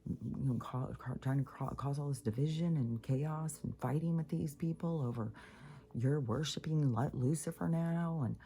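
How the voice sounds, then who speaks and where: A woman rants in a rambling, casual monologue, swearing freely and restarting her sentences. Her voice is gravelly and very mellow. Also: deep voice, moderate pace. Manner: profane, rambling, many fillers and restarts. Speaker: spiritual vlogger.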